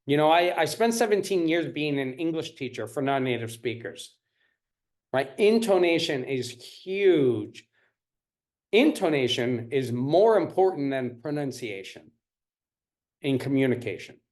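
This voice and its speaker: A man's voice: mid-range voice, animated, measured pace, a little mellow. A man teaching a live-streamed parenting class. He repeats his points and keeps checking in with the audience. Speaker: parenting coach.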